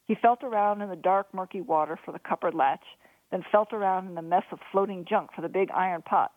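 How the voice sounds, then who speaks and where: A woman's voice: lowish voice, fairly quick, no room sound. Woman narrating a story over a thin line. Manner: steady storytelling, lively voices for dialogue. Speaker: author reading her own novel. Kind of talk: audiobook narration. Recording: dry, phone-like narrow sound.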